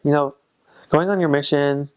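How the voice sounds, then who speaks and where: A young man, a returned missionary, chatting casually and pausing often to search for words. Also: on the high side, fairly even intonation, clear, resonant tone, muffled recording. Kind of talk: casual talk to camera.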